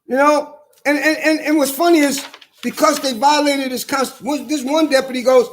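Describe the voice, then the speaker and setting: A man with a strikingly high voice rants with anger and plenty of profanity. He drives each point home by repeating it and slowing down to stress single words. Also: steady tone. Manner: angry, profane, emphatic repetition; slow hammering emphasis on key words. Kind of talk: heated monologue to camera.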